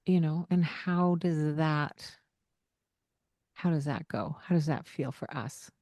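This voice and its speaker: A woman's voice: sits low, slow pace, a little mellow, no room sound, studio quality. A woman co-hosting a casual parenting podcast, talking in an earnest, coaching way with lots of fillers. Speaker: podcast co-host.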